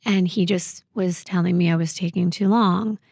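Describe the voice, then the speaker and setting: A woman guest on a podcast, recounting a painful personal story in a halting, reflective way full of fillers. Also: lowish voice, fairly even intonation, creaky, a little mellow, no room sound, clean studio sound.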